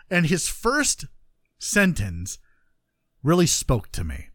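A man's voice: mid-range voice, huge pitch swings, takes it slowly, pauses often, fairly bright tone, no echo, clean studio sound. A man hosting a gaming podcast, chatting casually with jokes and asides. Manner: joking, trails off into asides. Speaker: podcast host. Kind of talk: casual gaming news chat.

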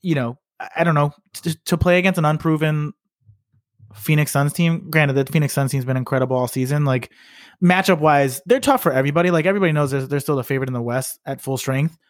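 A man's voice: on the high side, fast talker, no echo, clean studio sound. A man co-hosting a sports podcast, rambling with lots of fillers and the odd curse. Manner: rambling, filler-heavy, profane. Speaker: podcast co-host. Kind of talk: casual sports chat.

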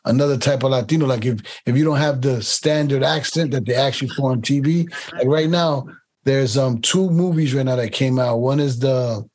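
A man's voice: mid-range voice, moderate pace, darkish tone. Man talking through an interview, rambling. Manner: rambling, repeats words while finding his point; mimics other people's accents while telling stories. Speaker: casting director. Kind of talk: casual interview conversation.

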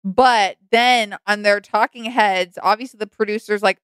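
A young woman co-hosting a casual comedic chat, giggly and playful, with vocal fry. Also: mid-range voice, fairly bright tone, no echo. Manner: giggly, quick to laugh, playful. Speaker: podcast co-host.

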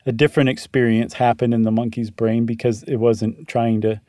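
A man's voice: medium pitch, flat delivery, moderate pace, dark tone, dry recording. Male podcast co-host, mid-range voice, thoughtful explainer, dry close mic. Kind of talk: casual chat.

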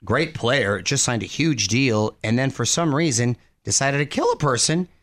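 A middle-aged man hosting a radio show, chatting casually and playfully with his co-host, often jumping to high exclaims. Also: expressive, normal speed, a bit bright.

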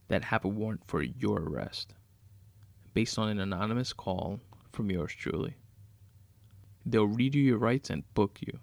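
A cold, taunting woman, as a male narrator puts her on lays out her revenge in sarcastic, mocking tones. The voice sits low with a gravelly grain, recorded close and dry with no room sound. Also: no room sound.

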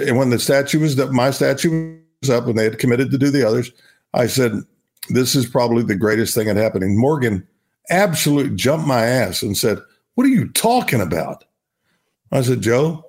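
A man's voice: medium pitch, a little mellow. An older man from Oklahoma, a retired ballplayer, telling stories in a rambling, repetitive way as an interview guest. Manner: rambling, repeats himself, laughs while talking. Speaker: guest, retired baseball star. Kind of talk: casual interview storytelling.

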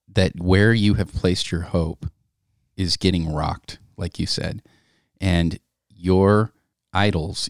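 A man co-hosting a faith conversation, speaking in a measured, reflective way and reading scripture aloud. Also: deep voice, no echo, clean studio sound.

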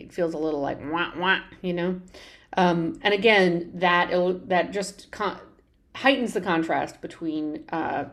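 A woman podcast host talking through a show tune's lyrics in a conversational, explanatory way, with frequent fillers and restarts. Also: low voice. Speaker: podcast host analyzing a musical. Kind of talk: conversational analysis.

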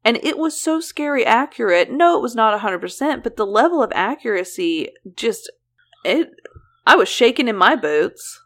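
A woman's voice: on the high side, big pitch swings, moderate pace, fairly bright tone. A woman co-hosting a casual true-crime podcast, asking quizzical follow-up questions. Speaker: podcast co-host.

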